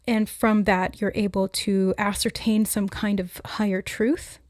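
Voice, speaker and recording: A woman giving a spontaneous spiritual reading, musing aloud with hesitant pauses as she relays what she senses. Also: medium pitch, level tone, a little mellow, dry recording, studio quality. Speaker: intuitive oracle reader.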